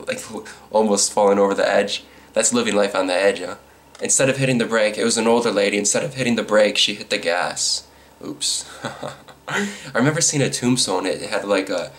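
A man giving casual, rambling commentary on news stories, irritated and quick to chuckle. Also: on the low side, fairly bright tone.

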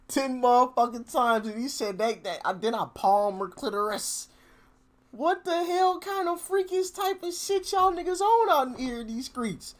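A man hosting a music reaction, casually commenting in an animated, profane way, laughing often and swinging between loud outbursts and low mutters. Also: measured pace.

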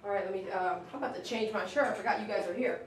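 A woman chatting emotionally with viewers during a live stream while she grooms a dog in her shop. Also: racing. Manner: emotional, chatty, talks to dogs in a high coaxing voice. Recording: echoey room, mic at a distance, faint noise.

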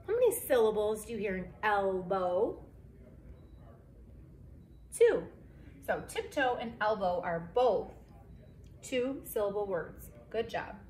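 A woman leads a phonics lesson for young children, slow and deliberate, spelling out each word one letter at a time. Her voice sits a little high, and the room around her rings with echo over a faint hiss. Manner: slow, clear, encouraging, spells words letter by letter. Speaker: second grade teacher.

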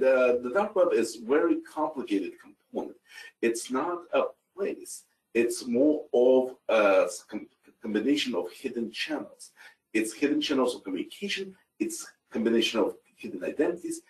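A man's voice: medium pitch, a little mellow. Middle-aged male speaker, Russian accent, chatty and self-correcting, echoey distant sound. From Ukraine. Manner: conversational with frequent fillers and self-corrections. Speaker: conference speaker. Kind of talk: conference talk. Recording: roomy sound, distant from mic.

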